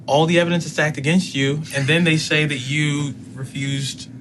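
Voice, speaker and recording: A man's voice: a little high, steady tone, normal speed, noisy background. A middle-aged man telling a personal story in casual speech, acting out both sides of a conversation.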